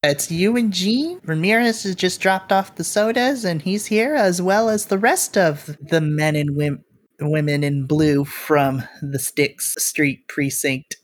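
A man's voice: on the high side, a bit bright, dry recording, studio quality. A man narrating as game master, chatty, with frequent laughs and filler words.

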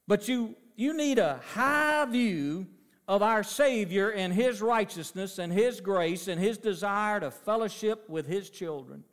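A middle-aged male pastor preaching a sermon, swinging from loud emphasis to soft, low asides. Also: expressive, unhurried. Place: church sanctuary. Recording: long church reverb.

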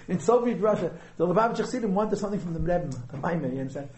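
A man teaches a class on a Chassidic discourse in a conversational lecture, mixing Yiddish and Hebrew terms and asking rhetorical questions. His high-pitched voice is quick, with lively intonation, vocal fry, a little mellowness, and hardly any pauses. The audio is poor, with an echoey room and a little hiss or hum.

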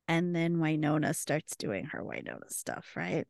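A woman's voice: low voice, very animated, moderate pace, gravelly, few pauses, dry recording, studio quality. A woman co-hosting a podcast, eagerly retelling a TV episode in casual chat full of fillers. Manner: enthusiastic, retelling scenes with many fillers. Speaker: podcast co-host.

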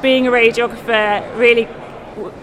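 A woman's voice: on the high side, fairly even intonation, normal speed, a crowd in the background. A woman, a university lecturer, talking in a chatty, giggly way as an interview guest, with restarts. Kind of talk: conversational interview.

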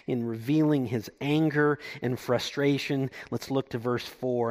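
A man preaching a sermon, reading scripture aloud and explaining it, swinging from loud emphatic lines to hushed low asides. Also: fairly even intonation, a little slow, few pauses. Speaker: pastor.

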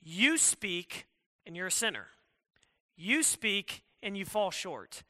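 A young man preaching a sermon to a youth group in a conversational way, with quick asides to the room. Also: high-pitched, sing-song, pushed and bright. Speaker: youth pastor. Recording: long hall reverb.

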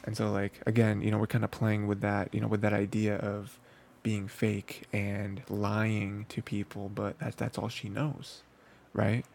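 A man's voice: lowish voice, completely flat delivery, a little slow, creaky, a little mellow, slight background noise. A man hosting an anime review show, talking casually with lots of fillers and restarts. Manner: rambling, filler-heavy, frequent restarts.

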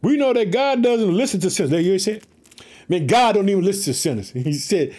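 Male preacher with a high voice, animated and casual, reads and comments on scripture, reaching for his listeners. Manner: animated, talks straight to listeners, repeats phrases, casual slang; swings between raised, quick bursts and low, slow asides. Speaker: preacher reading and explaining scripture. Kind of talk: lively Bible reading with commentary.

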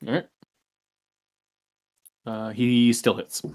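A man acting as game master, calmly narrating turns and explaining rules of a tabletop game. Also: medium pitch. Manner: measured, explains rules with fillers.

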